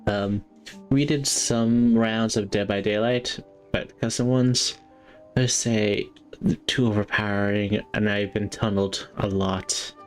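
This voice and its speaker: Low-voiced man streaming a game. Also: fairly even intonation, takes it slowly, soft background music. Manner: chatty, reads every character's lines in his own voice, laughs often. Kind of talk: reading game dialogue aloud and chatting while playing.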